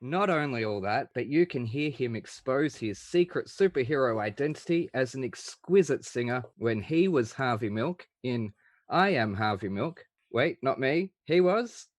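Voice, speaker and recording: A man's voice: medium pitch, lively intonation, no room sound. An Australian man hosting a comedy podcast, playful and pun-heavy, delivering a theatrical introduction. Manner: punning, quick-witted, theatrical. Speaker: podcast host. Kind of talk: casual comedic podcast chat.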